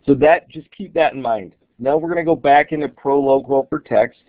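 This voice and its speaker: A man's voice: medium pitch, normal speed, no echo. A man giving a casual, explanatory walkthrough of an app in a screen-recorded tutorial, thinking aloud as he demonstrates. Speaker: app reviewer. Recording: tinny, dry, phone-like audio.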